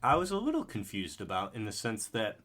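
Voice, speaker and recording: A man co-hosting a podcast in casual chat, relaxed and loose, swearing now and then. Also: fairly low pitch, a little fast. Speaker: podcast co-host.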